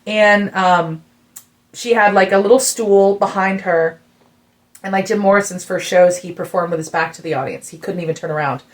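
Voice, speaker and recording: A woman in her forties from the United States, a musician co-hosting a podcast, telling a story with lively acted-out quotes in a casual chat. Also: mid-range voice, moderate pace. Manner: animated storytelling, acts out quotes.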